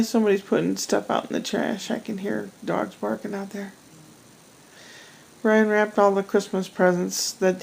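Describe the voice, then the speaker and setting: Gravelly-voiced middle-aged woman rambling. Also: mid-range voice, darkish tone, rough recording. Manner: rambling, chatty, self-deprecating. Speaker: vlogger. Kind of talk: casual chat. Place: home at night.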